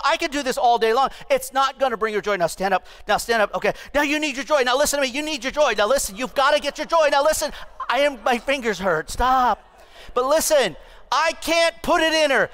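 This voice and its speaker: A pastor in his fifties preaching an animated, humorous sermon to his church, with asides to the congregation. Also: very high voice. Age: 50s. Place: church sanctuary.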